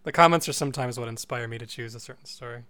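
A man with an everyday mid-range voice co-hosting a relaxed podcast. He chats with his co-hosts and slips in dry jokes. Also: medium pitch, very fast. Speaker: podcast co-host. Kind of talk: casual chat.

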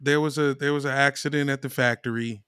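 Laid-back deadpan male podcast host. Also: mid-range voice, fast, clean tone, no room sound. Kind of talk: casual comedic banter.

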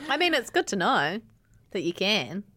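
A woman with a New Zealand accent co-hosting a podcast in casual, animated chat, often trailing off and restarting. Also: medium pitch, measured pace. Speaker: podcast co-host.

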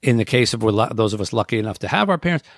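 A man's voice: lowish voice, lively intonation, rapid-fire, no echo. Earnest male talk host, dry studio sound. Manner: earnest, acts out inner voices, rattles off numbered points. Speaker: radio talk show host. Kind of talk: reflective on-air talk.

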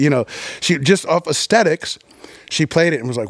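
A middle-aged man from New York telling stories as a podcast guest, animated and profane, with quick restarts and acted-out quotes. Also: mid-range voice, no room sound, clean studio sound. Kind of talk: casual interview storytelling.

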